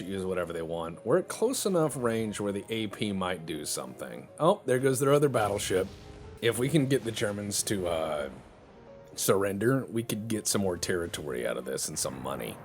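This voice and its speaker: A man's voice: lowish voice, sing-song, fairly quick, faint music behind. A man giving joking, casual play-by-play commentary on a strategy game. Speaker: gameplay commentator.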